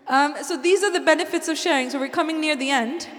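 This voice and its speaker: Earnest high-voiced woman in a hall. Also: quick pace, hardly any pauses, fairly bright tone. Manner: earnest and heartfelt, slips Punjabi phrases into English. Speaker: speaker at a Sikh community event. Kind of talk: inspirational talk to a congregation. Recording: long hall reverb.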